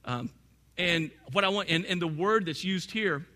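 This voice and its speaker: A man preaching a sermon, talking straight to his congregation and swinging from quiet, low asides to loud, emphatic points. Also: normal speed. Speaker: pastor.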